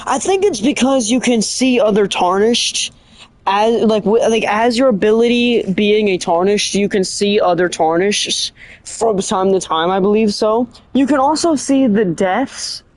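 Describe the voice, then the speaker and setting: A streamer chatting casually about a game in a rambling, excitable way, often restarting and correcting themselves. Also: medium pitch, measured pace. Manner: animated storytelling with bursts of laughter.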